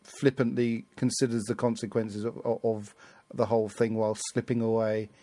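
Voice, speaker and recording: A man's voice: fairly low pitch, flat delivery, normal speed, mellow, dry recording. A man hosting a casual review chat, rambling and hesitant with many fillers. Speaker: podcast host.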